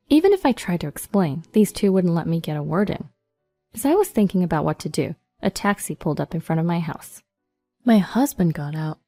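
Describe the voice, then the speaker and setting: A woman telling a first-person story in an even, measured read. Her voice sits low and sounds mellow, recorded dry, with faint music under it. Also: no echo. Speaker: narrator.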